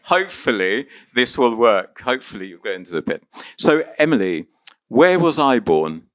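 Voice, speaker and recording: A man's voice: medium pitch, big pitch swings, moderate pace, a bit bright, no room sound. A man from Argentina leading an interactive teaching workshop, upbeat and encouraging as he coaxes volunteers along.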